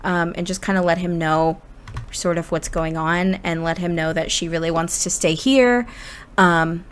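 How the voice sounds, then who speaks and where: A woman's voice: lowish voice, fairly even intonation, moderate pace, clear, resonant tone. A woman narrating her life-simulation game in a casual, chatty way, often restarting her sentences. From Indiana. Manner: chatty, many restarts and "you know" fillers. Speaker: Sims gameplay narrator. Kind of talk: casual gameplay storytelling.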